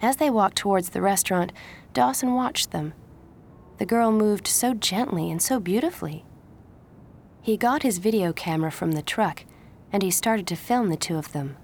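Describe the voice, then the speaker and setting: A woman narrating a simple story aloud in a clear, steady read-aloud pace. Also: medium pitch, normal speed, slight background noise. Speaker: audiobook narrator.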